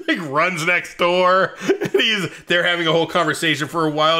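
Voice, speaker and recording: A man co-hosting a podcast, chatting casually about a film and acting out its scenes with lively voice jumps. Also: moderate pace. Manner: animated retelling of scenes, acting out characters with big pitch jumps. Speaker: podcast co-host. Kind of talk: casual movie review chat.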